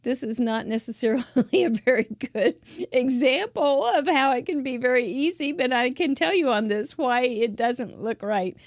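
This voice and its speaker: A woman's voice: high-pitched, normal speed, no room sound, studio quality. A woman hosting a craft show, chatting in an effusive, gushing way and laughing often as she shows cards from viewers. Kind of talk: casual live-show chat.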